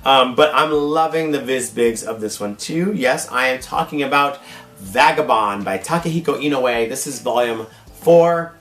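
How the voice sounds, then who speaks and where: A man's voice: mid-range voice, normal speed, fairly bright tone. A man in drag, hosting a casual manga haul vlog, gushing and dramatic, calling viewers y'all and baby, his voice strained and wearing out. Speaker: drag queen manga collector, channel host. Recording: echoey room with faint guitar music. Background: faint guitar music.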